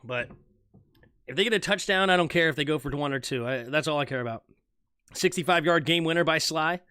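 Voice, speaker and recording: A man's voice: fairly high pitch, clean tone, no room sound, studio quality. A young man streaming live fan play-by-play of an American football game, calling each snap and chatting with his viewers. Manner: animated, fast shifts between calling plays and chatting.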